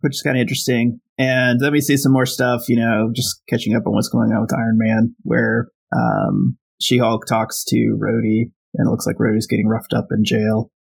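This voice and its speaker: A man's voice: mid-range voice, normal speed, vocal fry, few pauses, rough recording. A man co-hosting a podcast, casually recapping comic book plots with lots of fillers and paraphrased dialogue. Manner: recaps plot with many fillers and quoted paraphrase. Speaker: podcast co-host.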